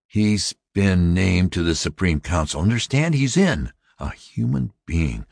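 A man voicing an excited middle-aged male neighbor announcing news, eager and loud. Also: sits low, measured pace, vocal fry, no echo, clean studio sound, voice pushed up, full character voice.

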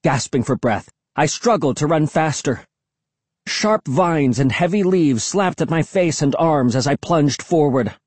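Husky, expressive audiobook narrator. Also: mid-range voice, unhurried, no room sound. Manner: dramatic, expressive reading. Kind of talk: scripted first-person narration.

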